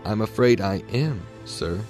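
A man's voice: on the low side, animated, unhurried, darkish tone, soft background music. A man voicing a shy, polite young girl in a storybook reading, speaking with hasty courtesy.

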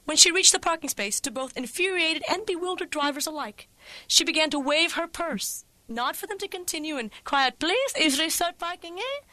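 A woman narrating a comic personal story with a wry, vivid, expressive delivery on a close studio mic. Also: sits high, fairly quick, no echo, low-quality recording.

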